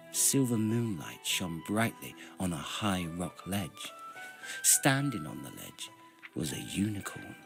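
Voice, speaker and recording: A man reading a fantasy novel aloud in a slow, expressive storytelling manner. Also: fairly low pitch. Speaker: reader. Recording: music behind.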